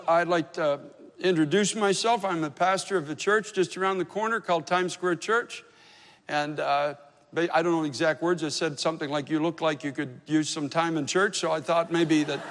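A man's voice: a little high, a bit bright. A man preaching a sermon as pastor, telling a story in an earnest, emphatic way. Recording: long hall reverb.

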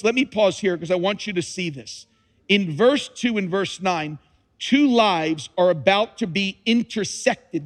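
With a high, slightly bright voice, a male pastor gives a sermon in a church sanctuary whose large hall lends a long reverb. He reads scripture dramatically, with emphatic repetition and a few touches of humor.

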